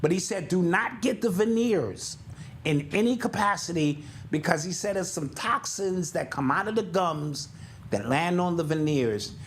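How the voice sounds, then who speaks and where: An older man co-hosting a podcast in casual chat, telling stories in an animated way and acting out sounds and quotes. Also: high voice, moderate pace, slight background noise. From United States. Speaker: podcast co-host.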